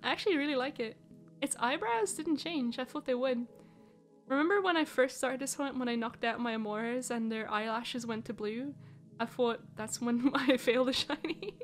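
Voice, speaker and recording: Giggly high-voiced woman streamer. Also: moderate pace. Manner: giggly, squealing with excitement. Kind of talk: live game stream chat. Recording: faint music behind. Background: faint music.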